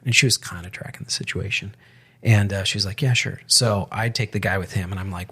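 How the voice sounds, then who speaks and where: Man, low husky voice, pastor, casual podcast storytelling, halting restarts. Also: fairly even intonation, a bit bright. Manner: storytelling with many restarts and quoted dialogue. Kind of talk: casual spiritual podcast conversation.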